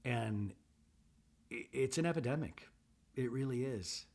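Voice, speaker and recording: Guy recapping a show on his podcast, earnest, keeps repeating stuff, mid-pitched voice. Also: animated, a little slow, darkish tone. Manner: earnest, repeats himself for emphasis. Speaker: podcast host. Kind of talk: casual recap commentary.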